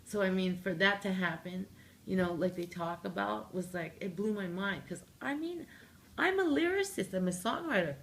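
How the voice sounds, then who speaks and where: Gravelly-voiced woman telling a funny story. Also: medium pitch, normal speed, slight background noise. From Canada. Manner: animated, jokey, acts out her own lines. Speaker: interview guest, singer-songwriter. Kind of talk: casual storytelling interview.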